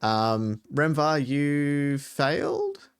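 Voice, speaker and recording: A man's voice: on the high side, drawn-out words, smooth. A man acting as dungeon master in a tabletop game, asking players for their rolls and describing the scene in a conversational way.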